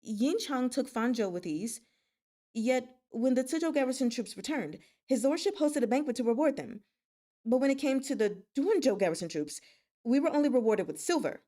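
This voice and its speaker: A woman's voice: fairly high pitch, sing-song, normal speed, long pauses, warm tone. A woman voicing an indignant, hot-tempered male army commander in a read-aloud novel. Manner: indignant, pushing back.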